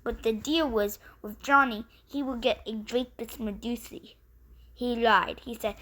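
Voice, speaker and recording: A woman tells a made-up story off the cuff, piling one sentence onto the next and restarting often. Her voice is fairly high for a woman, and she never stops to tidy up. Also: fairly even intonation, a little slow, a bit bright. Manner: rambling, run-on, with restarts. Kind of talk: improvised story narration.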